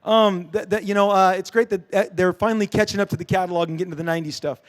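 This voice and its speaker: Middle-aged man, high voice, lively fan-panel storyteller, quick jokes with the crowd. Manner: animated storytelling, joking with the audience. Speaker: comic book creator on a convention panel. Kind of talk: convention panel Q&A. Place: dark convention panel room.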